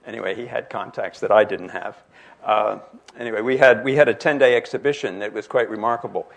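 A man in his sixties from New Jersey gives an illustrated lecture in a fairly low, gravelly voice. He tells it as a string of anecdotes, full of fillers and restarts. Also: fairly quick. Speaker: jewelry expert giving a lecture.

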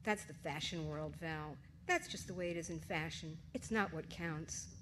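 A woman's voice: sits low, moderate pace, a bit bright, slight background noise. A woman reading aloud, voicing a blunt, old-fashioned middle-aged mother who scolds and dismisses. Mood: dismissive.

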